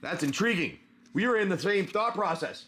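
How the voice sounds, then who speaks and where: A man's voice: high-pitched, lively intonation, moderate pace, bright, forceful tone, slight background noise. A man hosting a live card-opening stream, chatting casually and greeting viewers by name with plenty of "um" and "uh".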